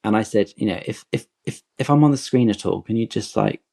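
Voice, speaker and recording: A man in his forties with a low, gravelly voice, telling an animated, rambling story on a podcast. He acts out the lines of the people in his tale and wanders off on tangents before returning to the point. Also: brisk. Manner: animated, digressive anecdote with acted-out quotes.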